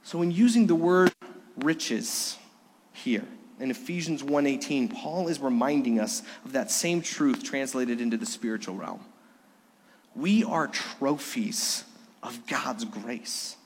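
A middle-aged man preaching a sermon as a pastor, earnest, dropping soft and low then lifting to emphatic highs. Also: lively intonation, slow, slight background noise. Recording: long hall reverb.

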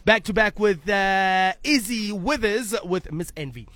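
A man's voice: sits high, lively intonation, a little slow, fairly bright tone, dry recording. A man hosting a radio show, playful and teasing with his guest. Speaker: radio host. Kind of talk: lively radio banter. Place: radio studio.

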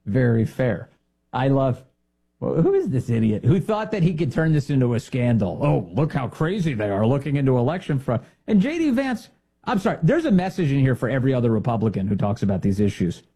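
A man's voice: mid-range voice, sing-song, brisk, dark tone, slightly rough. A man hosting a political commentary show, talking in a sarcastic, indignant monologue full of rhetorical questions. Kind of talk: opinionated monologue.

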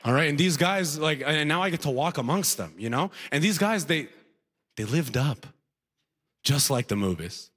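A young man telling a stand-up comedy story, animated and full of rhetorical asides. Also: fairly high pitch, normal speed, husky. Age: young adult. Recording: long hall reverb.

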